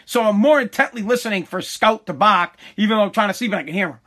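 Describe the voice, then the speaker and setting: A man's voice: high voice, fast. A man ranting in a casual, comic way, exasperated and griping, often stammering and repeating his words. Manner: shouts when quoting himself.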